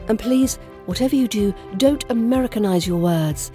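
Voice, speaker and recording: A woman with a polished British RP accent coaches listeners through pronunciation, her voice mellow and her diction crisp. She stresses example words in a playful, demonstrative way. Soft music plays faintly beneath her. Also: mid-range voice, moderate pace, hardly any pauses. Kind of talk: podcast accent lesson.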